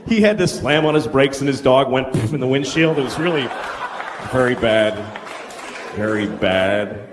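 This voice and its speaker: A middle-aged man performing stand-up comedy on stage, telling stories in an animated, incredulous way. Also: a little high. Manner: animated, incredulous storytelling with swearing. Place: comedy stage before a live audience. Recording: live stage recording with background noise.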